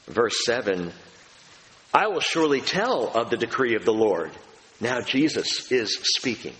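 A man preaching a sermon as pastor to a large auditorium, emphatic, with slow stressed phrases that rise as he builds. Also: on the high side, sing-song, a bit bright, big-room sound, poor audio.

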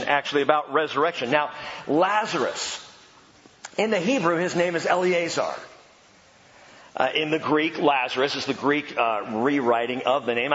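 A man preaching a sermon as pastor, animated and emphatic, with joking asides. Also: medium pitch, a little hiss or hum. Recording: echoey hall, dull lo-fi sound.

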